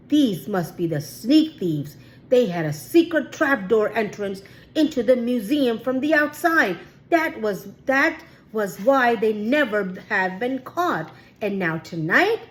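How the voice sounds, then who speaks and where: A woman's voice: medium pitch, low-quality recording. A woman reading a children's chapter book aloud with careful storytelling. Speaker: read-aloud host.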